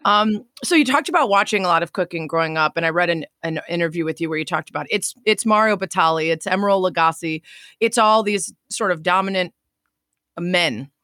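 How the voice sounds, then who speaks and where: A woman's voice: fairly low pitch, a little fast, bright, forceful tone, dry recording, clean studio sound. A woman from the Chicago suburbs hosting an interview, playful and talkative. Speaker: interviewer host. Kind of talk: casual interview chat.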